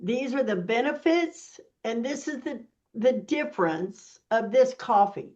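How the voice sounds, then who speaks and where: A woman giving a casual teaching talk as a workshop presenter, with an animated, sassy manner, explaining step by step. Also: on the high side, a little slow, lo-fi sound.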